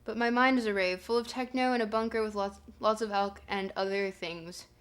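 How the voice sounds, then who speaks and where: A young adult woman streamer in casual chat with her viewers, rambling with fillers and breaking into playful, excited bursts. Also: mid-range voice, fairly quick, clear, resonant tone. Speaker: livestreamer reading chat.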